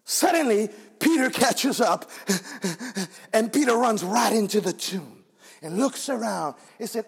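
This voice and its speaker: Husky, high-voiced male preacher. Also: measured pace. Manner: animated, emotive, calls on the congregation. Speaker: guest preacher. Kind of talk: dramatic storytelling sermon. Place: church sanctuary. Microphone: handheld microphone. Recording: long reverb in a large church hall.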